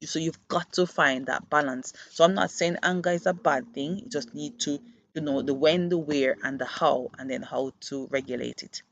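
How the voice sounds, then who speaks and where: Earnest podcast host, gravelly low edges, a dull dry recording, explains through real stories. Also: normal speed, fairly bright tone. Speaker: podcast host who works with children. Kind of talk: reflective podcast monologue.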